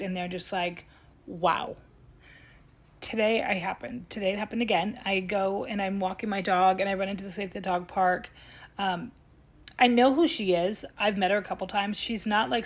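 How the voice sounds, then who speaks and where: A woman speaking as a psychic medium, telling a personal story in a chatty vlog style and often dropping to a hushed tone when she quotes what was said. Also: mid-range voice. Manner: chatty, recounts dialogue, drops to a hushed tone when quoting.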